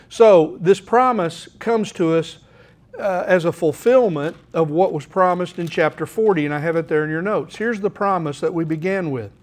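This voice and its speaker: A middle-aged man preaching in a church room, his voice sitting a little higher than most men's. He speaks earnestly and urges his listeners on, breaking off to read scripture aloud. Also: darkish tone. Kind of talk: sermon.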